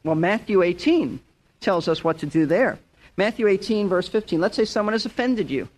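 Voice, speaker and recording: A man's voice: high-pitched, lively intonation, moderate pace. A middle-aged man preaching verse by verse in an earnest way, repeating words and acting out the people he quotes. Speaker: pastor. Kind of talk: verse-by-verse sermon.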